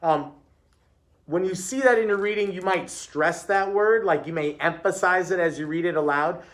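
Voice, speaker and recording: A man's voice: high-pitched, moderate pace, fairly bright tone. A man working as a teacher, reading a book aloud to a class and patiently explaining it.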